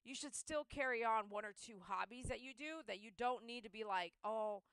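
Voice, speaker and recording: A woman's voice: a little high, normal speed, fairly bright tone, clean tone, no echo. A woman who runs a pet-grooming channel, talking in a casual, heartfelt monologue and telling stories by replaying her own inner voice.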